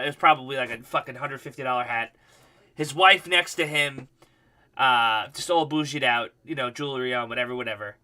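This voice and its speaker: A man's voice: a little high, bright, forceful tone. A male livestream host telling a rambling, profane story in casual chat.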